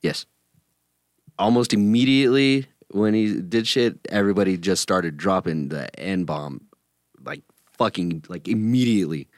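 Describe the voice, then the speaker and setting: A man's voice: low voice, expressive, a little slow, no room sound, clean studio sound. A man on a casual group podcast, rambling in stop-start phrases with crude slang. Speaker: podcast co-host.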